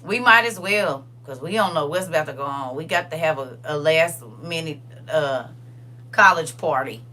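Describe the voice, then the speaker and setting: An older woman talks casually with her livestream viewers in a bright, forceful voice. She is chatty and emphatic, repeats her phrases, and reads comments out loud as she goes. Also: low-pitched, moderate pace. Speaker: livestream host.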